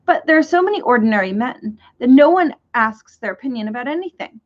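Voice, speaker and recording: A woman's voice: on the high side, expressive, fairly quick, natural voice. A woman voicing a cheerful, muddled ordinary man who holds four jobs and keeps forgetting things. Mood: cheery. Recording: dull lo-fi recording.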